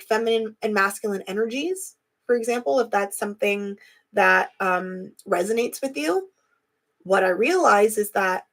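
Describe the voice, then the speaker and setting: A young adult woman hosting a live video, talking casually and reflectively to her viewers. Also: medium pitch. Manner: chatty, reflective, addresses viewers directly. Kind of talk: casual live-stream talk.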